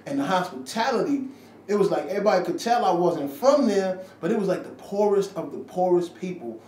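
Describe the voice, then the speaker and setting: In a room filmed on a handheld camera, a man tells a post-interview story as a rapper, using casual slang, performing quotes and swearing along the way. His voice sits high and a little mellow, animated and a little fast. The recording echoes, is taken from a distance, and carries faint ambient noise.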